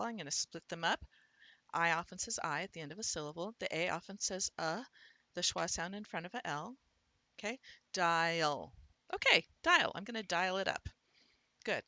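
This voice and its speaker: A woman teaching reading, explaining words step by step and sounding them out slowly as she thinks aloud. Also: mid-range voice, pushed and bright, no room sound. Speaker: literacy instructor.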